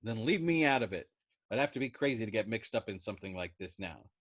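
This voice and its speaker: A man's voice: fairly low pitch, lively intonation, fast talker, fairly bright tone, no room sound, clean studio sound. A man voicing a wounded young male airman who protests bluntly. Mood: defiant.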